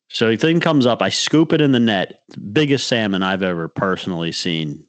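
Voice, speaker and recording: A man's voice: fairly low pitch, normal speed, few pauses, no room sound. A man co-hosting a podcast, telling a rambling fishing story in casual chat and acting out what others said. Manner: rambling storyteller, restarts, acts out quotes. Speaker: podcast co-host.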